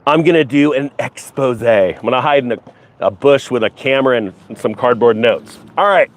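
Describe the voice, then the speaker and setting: A middle-aged man with a mid-range voice speaks at a moderate pace as host of a finance YouTube channel. He offers casual commentary to a live chat, rambling and joking as he hops from one topic to the next.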